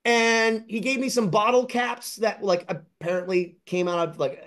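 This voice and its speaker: This man, a collector being interviewed, shares eager, meandering anecdotes and mimics what others said using high voices. His pace is moderate, and the talk is casual storytelling.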